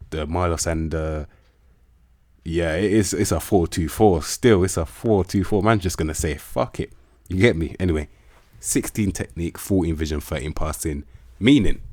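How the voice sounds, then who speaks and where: Deep-voiced guy hyping football players. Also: moderate pace, no echo, studio quality. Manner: slangy, swears a lot, animated hype. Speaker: gaming video host. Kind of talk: casual game commentary.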